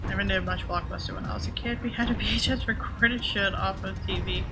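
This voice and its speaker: A woman's voice: mid-range voice, steady tone, brisk, music in the background. A woman game streamer chatting casually and answering her viewers by name. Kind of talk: casual chat while streaming.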